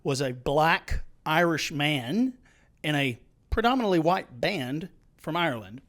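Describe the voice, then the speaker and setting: A man's voice: on the high side, expressive, measured pace, fairly bright tone. A man hosting a casual podcast chat, laughing easily and jumping between topics. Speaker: podcast host.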